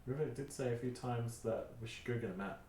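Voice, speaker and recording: A man's voice: medium pitch, brisk, darkish tone, slight background noise. A man playing a tabletop game, making dry jokes in casual chat. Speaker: player. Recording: echoey room.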